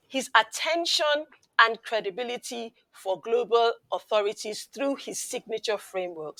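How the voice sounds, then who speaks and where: Woman podcast host, bright tense voice, dry close sound, chatty and expressive. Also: on the high side, no echo. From UK-based. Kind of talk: casual interview.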